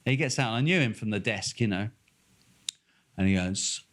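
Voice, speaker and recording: An older Englishman with a Norfolk accent co-hosts a casual podcast chat, his fairly low, fairly bright voice moving at normal speed with lively intonation. He spins a long anecdote, swearing freely and laughing while doing the voices of the people in it.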